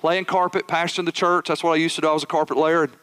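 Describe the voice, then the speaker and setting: A man preaching a sermon as a pastor, telling a personal story with animated, acted-out dialogue. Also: a little high, rapid-fire, clear, resonant tone.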